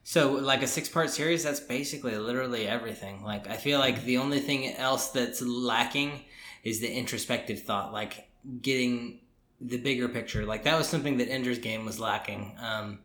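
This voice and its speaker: A man's voice: medium pitch, moderate pace, bright, forceful tone, reverberant. A young man chatting casually, rambling and filling his talk with "like" and "dude". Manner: rambling, filler-heavy, says "like" and "dude" a lot. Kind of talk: casual chat.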